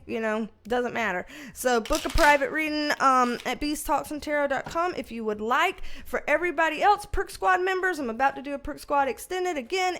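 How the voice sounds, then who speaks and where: A woman's voice: high-pitched, fairly bright tone. A young adult woman hosting her tarot channel, talking loosely to camera in a rambling, self-correcting way. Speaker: tarot reader and channel host. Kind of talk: casual direct-to-camera vlog talk.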